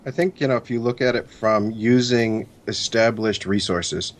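Low-voiced man co-hosting a podcast. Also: normal speed. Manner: rambling, many fillers when explaining. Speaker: podcast co-host. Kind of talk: casual podcast chat and reading lore notes.

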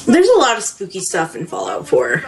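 A woman co-hosting a podcast, calmly going over points in a casual gaming chat. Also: on the low side, moderate pace, a little hiss or hum. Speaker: podcast co-host.

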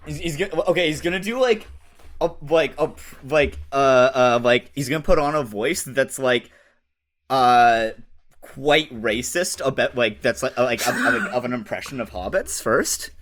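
Bright, rambling man playing a tabletop game. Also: medium pitch, expressive, normal speed. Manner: rambling, filler-heavy, laughing. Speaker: player. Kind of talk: casual tabletop play.

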